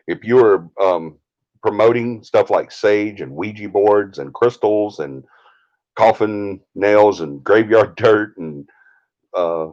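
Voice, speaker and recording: A man's voice: fairly low pitch, darkish tone, dull audio. A man with a Southern US accent hosting a live stream, ranting in a heated, indignant way. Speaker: paranormal team leader, stream host.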